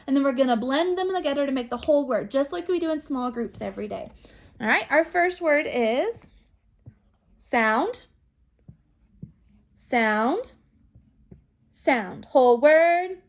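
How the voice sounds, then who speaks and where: Slow, high-voiced woman teaching phonics. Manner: slow, clear, sounding out words. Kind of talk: phonics lesson for young children. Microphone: recorded to camera for remote students.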